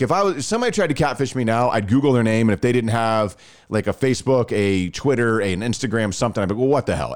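A man telling a long story in casual chat, animated and full of restarts. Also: medium pitch.

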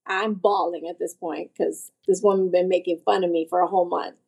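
A woman guest telling a personal story on a podcast in a lively, animated way, with frequent "like" fillers and voices for the people she quotes. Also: on the low side, brisk, gravelly, slightly rough.

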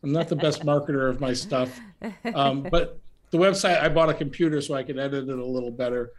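A man being interviewed as an author on a podcast, talking in a gentle, unhurried way with frequent fillers and restarts. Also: medium pitch. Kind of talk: reflective interview talk. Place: remote call from home.

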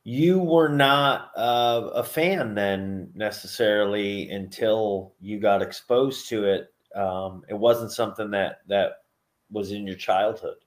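Slow-spoken low male podcast host. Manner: short reactions and slow follow-up questions. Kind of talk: casual chat.

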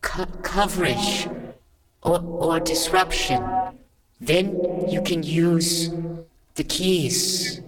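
A man's voice: a little high, voice pushed up. A man voicing a weak, wounded stranger who talks in a lilting, effete, cryptic way. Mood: cryptic, feeble. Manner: slow cryptic murmuring. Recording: loud background noise.

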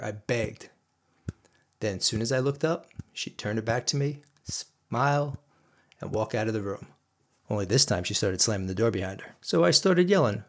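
A man's voice: lowish voice, normal speed, vocal fry. A man hosting a podcast, telling a personal story in an earnest, emphatic monologue aimed straight at his listeners. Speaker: podcast host.

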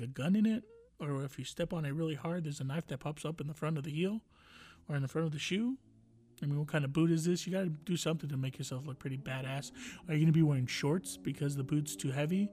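A man's voice: fairly high pitch, dark tone. A man hosting a podcast alone, rambling and joking with a lot of profanity in casual chat. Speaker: podcast host.

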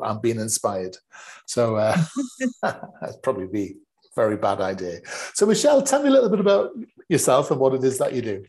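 A man's voice: mid-range voice, a little mellow. Chatty man hosting a podcast. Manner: upbeat, chatty, effusive. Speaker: podcast host. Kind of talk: podcast interview.

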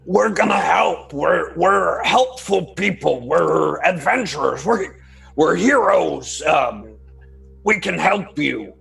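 A man voicing his adventurer character, coaxing and reassuring with a creaky, husky voice. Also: a little high, animated, slow pace, fairly bright tone, soft background music, full character voice. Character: earnest adventurer man, Chip.

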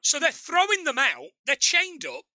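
A man's voice: extremely high pitch, wildly swooping pitch, normal speed, pushed and bright, dry recording. A man co-hosting a podcast, recapping a film in casual, joking chat and swearing freely. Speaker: podcast co-host.

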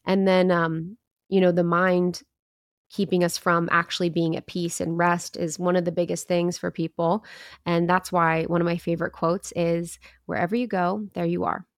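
A woman in her thirties with a low, gravelly voice recorded dry and close. She tells a personal story in an earnest, candid way and now and then acts out her own inner thoughts. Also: completely flat delivery, normal speed, dry recording. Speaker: podcast guest. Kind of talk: reflective storytelling.

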